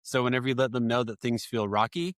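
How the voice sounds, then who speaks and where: A man hosts a casual podcast conversation about fatherhood, speaking reflectively in a fast, mid-range, slightly bright voice. He acts out little quoted moments with his kids, and the recording is dry with clean studio sound.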